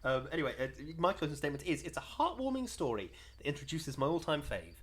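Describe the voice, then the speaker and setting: A man's voice: fairly high pitch, huge pitch swings, husky. A man co-hosting a casual podcast chat, enthusiastic and chatty. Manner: enthusiastic, fast, bouncy intonation. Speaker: podcast co-host.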